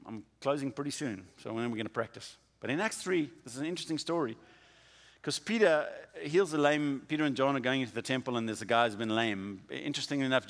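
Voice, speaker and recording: A man preaching a sermon, with a dramatic delivery that swings from quiet to loud. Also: mid-range voice, big-room sound. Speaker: pastor.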